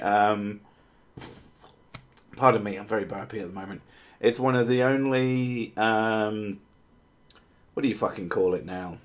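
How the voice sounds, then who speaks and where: Low-voiced man rambling through casual stream chat. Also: a little slow, pauses often. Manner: rambling, swears casually, many fillers and restarts.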